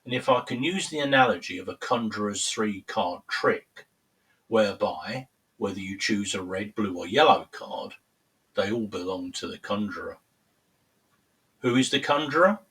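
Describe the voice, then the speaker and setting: A man with a Cockney accent speaks in a lowish voice, nasal and thick from a cold. He reads a prepared monologue in a measured, formal, grave manner. The mic sits some distance away, so he sounds set back. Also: fairly bright tone. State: has a cold. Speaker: political commentary host. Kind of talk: reading a prepared monologue to camera.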